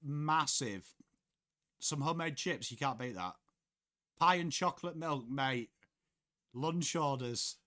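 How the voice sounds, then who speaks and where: A young Englishman hosts a live football watchalong, with a fairly high voice for a man. He chats loosely, curses casually and greets viewers by name between bits of play-by-play. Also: animated, slow pace, long pauses, sharp tone. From England. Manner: chatty, swears casually, reads out viewer chat. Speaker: livestream host.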